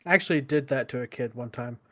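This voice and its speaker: A man's voice: mid-range voice, fast, pushed and bright. A man co-hosting a podcast, telling rambling stories in casual chat and laughing at them. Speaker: podcast co-host.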